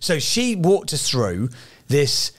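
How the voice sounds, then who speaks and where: A man's voice: on the high side, sing-song, takes it slowly. A man from England co-hosting a podcast, chatting casually in a rambling, sweary way. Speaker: podcast co-host. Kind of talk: casual chat.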